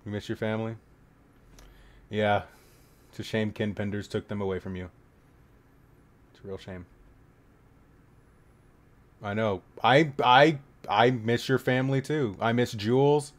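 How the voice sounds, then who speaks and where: A man making jokey, profane reaction commentary on a horror game, trading mumbled asides for sudden shouted outbursts. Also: on the low side, fairly even intonation, unhurried, long pauses.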